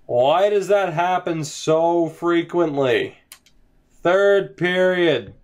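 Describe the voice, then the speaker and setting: A young man at home casually commentates his hockey video game franchise in a let's-play, his slightly high, animated voice stretching out words. As his team loses, he sighs, yawns, and sounds resigned.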